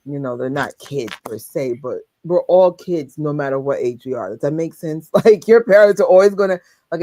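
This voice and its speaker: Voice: mid-range voice, a little mellow, dry recording. A co-host in casual chat, telling stories animatedly with laughter and quoted reactions.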